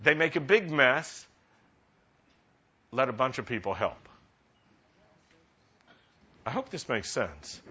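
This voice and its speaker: A man preaching a sermon to a congregation in a conversational, practical way, rising to animated emphasis. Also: medium pitch, slow, pauses often, husky. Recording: dull lo-fi sound.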